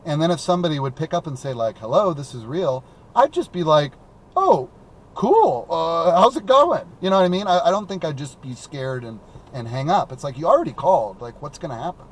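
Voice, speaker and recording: A man's voice: a little high, lively intonation, fast. Rambling young man hosting from his car. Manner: rambling, repeats words, many fillers. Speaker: call-in show host. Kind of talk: casual chat. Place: driving around in a car.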